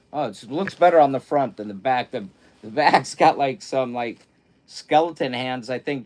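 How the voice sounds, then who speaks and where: A man's voice: medium pitch, darkish tone. A middle-aged man chatting casually on a livestream, rambling and joking at himself as he unpacks clothes and reads out chat messages. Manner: rambling, loose, self-mocking, reads chat aloud. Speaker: livestream host. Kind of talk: casual live-stream chat, unboxing clothes.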